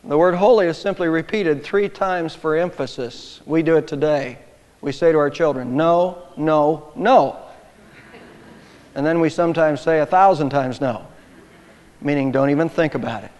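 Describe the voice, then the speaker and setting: A high-voiced male pastor preaching in a church. His emphatic delivery climbs in volume on the key lines. The sound carries a long hall reverb. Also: moderate pace, darkish tone, highs cut off. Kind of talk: sermon.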